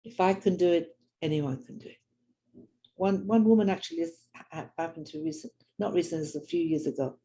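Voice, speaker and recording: Poor audio captures an older woman's mellow, low-side voice moving a little fast in a London English accent; she grew up in London. A Jewish women's teacher and speaker, she gives a personal storytelling talk earnestly, voicing the people she quotes.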